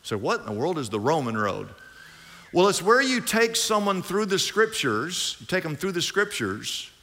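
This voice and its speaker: A man preaching in a church, his bright, forceful voice carrying a long reverb from the large room around him. He talks in a lively, conversational way and acts out both sides of the little dialogues he describes. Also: on the high side. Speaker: pastor. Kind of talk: sermon.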